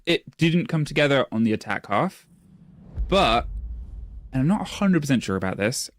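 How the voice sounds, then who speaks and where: An esports caster provides play-by-play commentary on a match, rambling and poking fun at himself between plays. His voice is slightly high, and the recording is dry and studio-clean.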